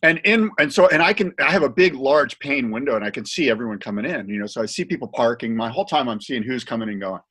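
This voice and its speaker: A man telling stories in a casual podcast chat, animated and laughing, acting out other people's voices. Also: medium pitch, fast talker, hardly any pauses, slightly rough. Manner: animated, laughing storyteller who acts out voices.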